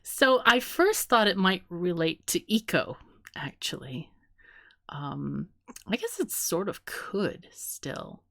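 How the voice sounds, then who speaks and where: A woman's voice: on the low side, sing-song, slow, creaky, a bit bright, no room sound, clean studio sound. A woman co-hosting a casual podcast, laughing often and rambling through playful guesses. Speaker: podcast co-host.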